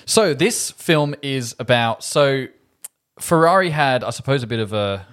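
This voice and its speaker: A man's voice: mid-range voice, animated, a little slow, fairly bright tone. A man from England hosting a casual film review chat, enthusiastic and rambling with frequent restarts. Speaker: film podcast host.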